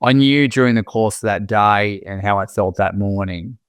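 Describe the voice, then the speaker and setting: An Australian man, a podcast guest, telling his personal story in a reflective, halting way with many restarts. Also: fairly low pitch, clean tone, no echo.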